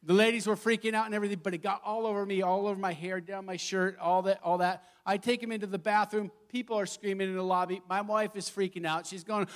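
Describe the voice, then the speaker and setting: A middle-aged man preaching a sermon as lead pastor, animated and laughing as he acts out funny stories. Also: sits high, fast talker, hardly any pauses. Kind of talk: sermon with storytelling.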